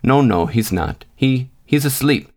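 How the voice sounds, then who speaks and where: A grieving young miner's wife speaks in sharp, hushed commands, stern and tense. Her voice sits a little higher than the reader's own, as a man reads her lines in a storybook reading. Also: lively intonation, unhurried. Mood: hushing.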